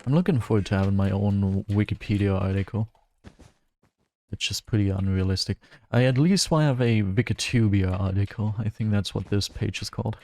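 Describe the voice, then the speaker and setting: A man's voice: fairly low pitch, fairly quick, dark tone, slight background noise. A male streamer chatting casually while playing a game, rambling and laughing often. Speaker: gaming streamer. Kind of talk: casual gameplay commentary.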